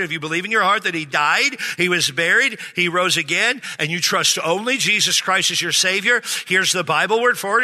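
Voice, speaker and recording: A man's voice: high-pitched, sharp tone. A man preaching as a pastor, joking with his congregation and calling for amens. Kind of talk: sermon. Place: church sanctuary. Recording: hall reverb.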